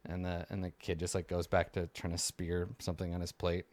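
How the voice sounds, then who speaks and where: A man's voice: sits low, monotone, fairly quick, darkish tone, no room sound. A man narrating as game master in a tabletop role-play, hesitating often between lines.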